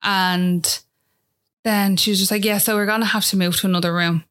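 A woman's voice: mid-range voice, steady tone, normal speed, fairly bright tone. An Irish woman speaking as a guest, telling a personal story in a chatty, casual way that is full of fillers. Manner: chatty, fills talk with "like" and "do you know what I mean".

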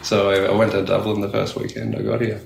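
Gravelly Australian man, casual chat. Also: fairly low pitch, little pitch movement, quick pace, roomy sound. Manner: rambling, laughs often, many fillers. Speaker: tattoo studio owner, guest.

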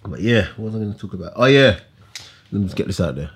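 Husky laid-back man. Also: fairly low pitch, animated, quick pace. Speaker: podcast co-host. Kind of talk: casual chat.

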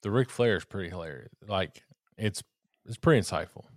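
Tipsy male co-host, low voice, rambling profane banter, dry close sound. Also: animated, fairly quick, dry recording. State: tipsy from drinking. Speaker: podcast co-host. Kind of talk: casual chat.

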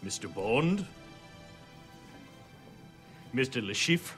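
A man's voice: mid-range voice, very animated, very slow, over loud music, voice pushed down. A man voicing a formal male card dealer in a comedy sketch.

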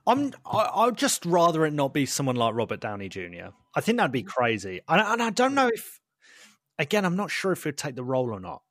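Bloke on a podcast, bit higher voice, all over the place pitch-wise, keeps saying mate. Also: male voice, a little fast, dry recording, clean studio sound. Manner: animated, says "mate" often, many restarts. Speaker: podcast co-host. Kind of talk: casual chat.

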